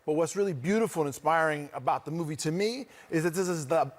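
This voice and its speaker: Relaxed rambling man, mid-high voice. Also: quick pace. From Boston area. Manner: relaxed, rambling with frequent restarts and fillers. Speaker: guest actor. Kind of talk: casual chat.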